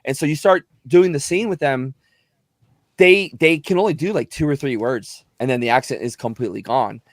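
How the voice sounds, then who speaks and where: Male podcast guest, voice actor, animated talker, mid-range voice, dry room. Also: mid-range voice, moderate pace, no room sound. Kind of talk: casual podcast chat.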